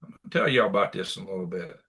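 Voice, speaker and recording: A man's voice: sits low, very fast, fairly bright tone, husky. A man hosting a commentary show, reacting to clips with blunt, indignant rants and repeated insults. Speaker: news commentary host.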